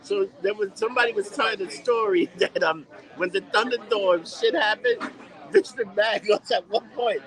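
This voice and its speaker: A man with a fairly high voice co-hosting a casual podcast, loose and opinionated, with "dude" in most sentences. A crowd murmurs clearly behind him. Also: lively intonation, measured pace, fairly bright tone, low-quality recording. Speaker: podcast co-host. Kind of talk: casual chat.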